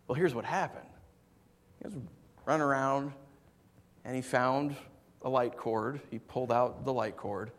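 Man preaching in a reverberant hall. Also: normal speed. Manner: swings from soft low asides to loud emphatic preaching; conversational storytelling with fillers. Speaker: pastor. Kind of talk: sermon.

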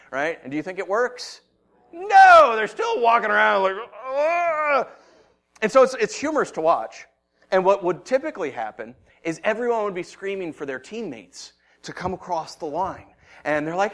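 A male pastor preaching with a high, very lively voice that leaps up and down as he tells stories. He acts out shouted voices and then drops to a hushed, soft delivery for the message and prayer. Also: normal speed. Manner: animated storytelling, acting out shouting voices. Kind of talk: sermon.

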